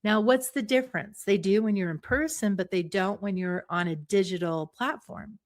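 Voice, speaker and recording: Middle-aged female psychologist guest, mid-range voice, animated explainer who acts out her examples. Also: mid-range voice, normal speed. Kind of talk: explanatory interview talk.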